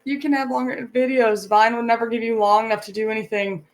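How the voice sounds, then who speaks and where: A woman's voice: on the high side, steady tone, quick pace. A young woman from the United States co-hosting a podcast, frank and chatty, telling rambling anecdotes. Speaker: podcast co-host. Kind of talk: casual chat.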